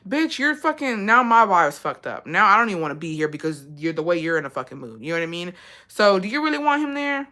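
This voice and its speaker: Lady vlogging advice, bright voice, cussing a lot, super blunt. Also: on the low side, fast talker. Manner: blunt, profane, animated storytelling. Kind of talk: casual advice chat.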